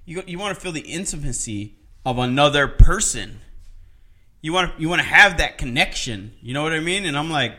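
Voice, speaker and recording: A man hosting a podcast in casual chat, talking loud, rambling and swearing constantly. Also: fairly high pitch, expressive, brisk. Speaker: podcast host.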